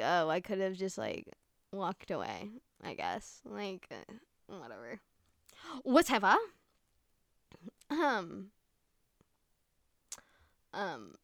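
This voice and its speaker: Young woman, podcast host, chatty and rambling, clear voice, dry close sound. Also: medium pitch, no room sound. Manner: rambling, filler-heavy, swears casually. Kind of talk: casual solo podcast chat. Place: room at home with window open.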